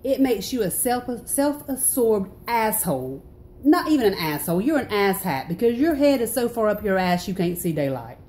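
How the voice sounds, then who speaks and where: Southern lady going off in a vlog, pitch leaping all over, mellow low tone. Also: normal speed. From North Carolina. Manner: animated, exclamatory, swings into high outbursts. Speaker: vlogger. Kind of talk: casual ranting monologue.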